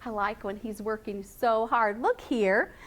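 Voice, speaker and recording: A woman teaching a phonics lesson to young children in a classroom, slow and sing-song, repeating sounds and rules. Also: fairly high pitch.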